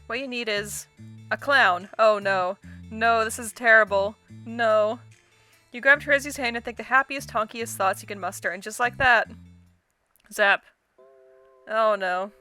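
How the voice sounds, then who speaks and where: Brief: woman let's-play host, reads game text aloud casually, slightly high, bright voice. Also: a little slow, long pauses, faint music behind. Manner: casual, chatty, stumbles and laughs at the script. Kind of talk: reading a visual novel aloud with commentary.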